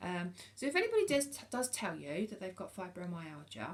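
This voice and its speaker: Gravelly-voiced British woman in her forties. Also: fairly low pitch, huge pitch swings, brisk. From United Kingdom. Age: 40s. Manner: hesitant, many ums and restarts; frank and earnest. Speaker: vlogger. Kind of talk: casual talk to camera.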